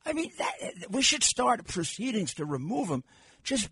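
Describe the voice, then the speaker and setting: An older man hosting a political talk radio show, animated and restarting his phrases as he talks. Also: sits high, moderate pace, husky, no echo, studio quality.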